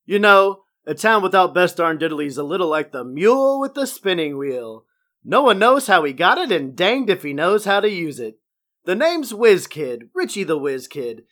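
Folksy huckster pitchman played by a man, high and swooping, selling hard. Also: big pitch swings, normal speed, a bit bright. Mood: pitching. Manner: folksy, with wide theatrical swings in pitch. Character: folksy fast-talking small-town male huckster pitchman. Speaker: promo spokesman for a review podcast.

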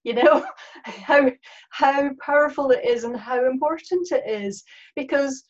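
A woman's voice: sits high, a little slow, dull audio. A Scottish woman, a guest on a podcast, chatty in casual interview talk, with frequent ums. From Scotland. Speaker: guest, horse trainer.

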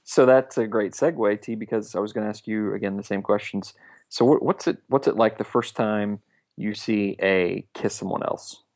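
A man hosting a casual interview, asking questions in a brisk, loud way. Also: fairly low pitch. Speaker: podcast host.

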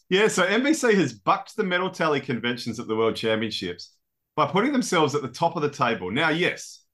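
A man co-hosting a sports podcast, chatting casually and laughing often. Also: fairly high pitch. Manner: animated, quick to laugh. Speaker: podcast co-host. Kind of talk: casual chat.

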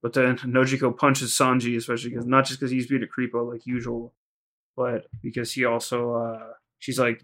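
A man's voice: mid-range voice, monotone, normal speed, fairly bright tone. A man co-hosting a podcast, recapping episodes in a rambling, casual way, full of "like" and quoted lines. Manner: rambling, heavy use of "like", retells scenes in quoted voices. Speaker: podcast co-host.

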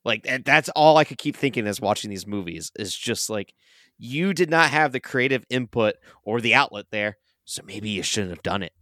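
A man's voice: fairly low pitch, expressive, moderate pace, sharp tone, dry recording, studio quality. A man co-hosting a podcast, complaining in a frustrated, swearing casual chat. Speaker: podcast co-host. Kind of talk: casual movie review chat.

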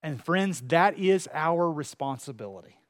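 A man's voice: on the high side, lively intonation, unhurried, no room sound, clean studio sound. A man preaching a sermon to his congregation, building in intensity and acting out quoted voices.

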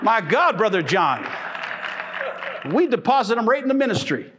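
Lively high-pitched preaching man. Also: moderate pace, a crowd in the background, background noise. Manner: animated, humorous storytelling preaching, laughs often. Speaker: pastor. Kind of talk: sermon. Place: church.

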